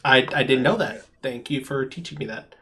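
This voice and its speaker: A man's voice: medium pitch, moderate pace, fairly bright tone, a little hiss or hum. A man acting as game master, narrating a tabletop game over voice chat with frequent ums and restarts.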